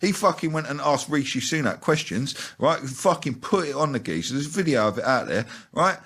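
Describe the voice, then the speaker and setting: Fast-talking husky man, ranting. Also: a little high, expressive, fairly bright tone. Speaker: interview guest. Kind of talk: casual interview chat.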